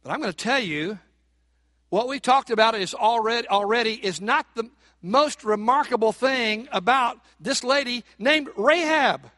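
A man's voice: extremely high pitch, lively intonation, moderate pace, sharp tone, dry recording, clean studio sound. A man preaching a Sunday sermon as pastor, speaking with rising emphasis and asking the congregation rhetorical questions.

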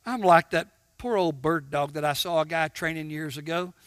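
A man preaching a sermon, swinging from shouts to hushed tones and acting out little dialogues with God. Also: on the high side, normal speed, dry recording. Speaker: pastor.

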